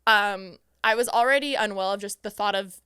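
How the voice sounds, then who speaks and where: A young woman hosting a podcast, telling a story in a casual, excitable way and acting out her own reactions. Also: mid-range voice, normal speed, smooth, no echo, studio quality. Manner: excitable, animated quoting of herself. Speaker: podcast host.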